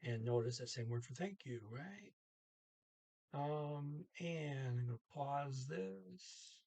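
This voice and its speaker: A man tutoring a language lesson in a casual, halting way, sounding out each foreign word slowly and then translating it, with frequent pauses as he thinks aloud. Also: a little high, animated, gravelly, warm tone.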